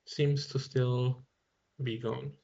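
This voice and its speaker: A man playing in a tabletop game, relaxed and describing his character's actions. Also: medium pitch, takes it slowly, creaky, lo-fi sound. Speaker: player. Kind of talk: casual tabletop game talk.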